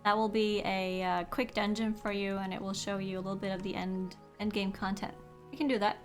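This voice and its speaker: A woman's voice: mid-range voice, level tone, a little fast, faint music behind. Chatty woman streaming a game. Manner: chatty, upbeat, talks to chat. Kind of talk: casual gameplay commentary.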